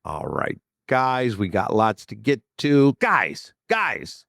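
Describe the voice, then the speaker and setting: A man's voice: mid-range voice, expressive, slow, vocal fry, smooth, no echo, clean studio sound. A man in his sixties from the Chicago area, hosting a podcast in a casual, rambling monologue and chuckling often. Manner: chatty, digressive, chuckling often. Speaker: podcast host.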